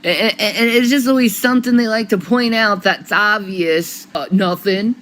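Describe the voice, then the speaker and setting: A woman's voice: medium pitch, moderate pace, fairly bright tone, poor audio. A woman vlogger talking straight to camera, short of breath, rambling and swearing with many restarts and bursts of laughter. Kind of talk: rambling casual vlog monologue.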